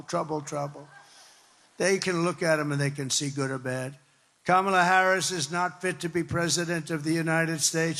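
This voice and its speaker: An older man from the New York area holds forth at a campaign rally, his voice high-set for a man, with a rough, gravelly edge. He rambles and repeats lines for emphasis. His words ring out with the long reverb of a big hall. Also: fairly bright tone. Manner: repetitive, emphatic, rambling and conversational. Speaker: political speaker. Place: large hall before a crowd.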